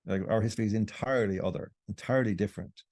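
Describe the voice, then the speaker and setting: A man's voice: on the low side, very fast, darkish tone, no room sound, clean studio sound. An older Irish man, a writer talking as a podcast guest, arguing in an impassioned, emphatic way. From Ireland. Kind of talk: conversational podcast interview.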